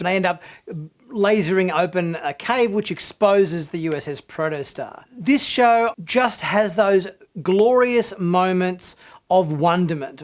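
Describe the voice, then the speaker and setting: A man hosting a TV review channel, talking through an episode in a casual, enthusiastic way with many fillers and restarts. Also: sits high. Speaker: TV review host.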